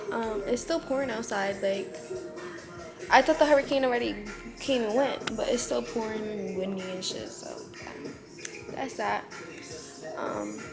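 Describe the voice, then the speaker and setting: A woman in her twenties from Florida, chatting casually to her viewers in a vlog with a stuffy, congested nose from a cold. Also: a little high. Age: 20s. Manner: laid-back, slangy, talks straight to viewers. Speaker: vlogger. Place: her apartment, indoors.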